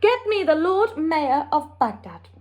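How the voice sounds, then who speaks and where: A woman reading the part of a brisk, commanding queen, speaking in a regal, clipped way. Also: high voice, big pitch swings, darkish tone, voice pushed up.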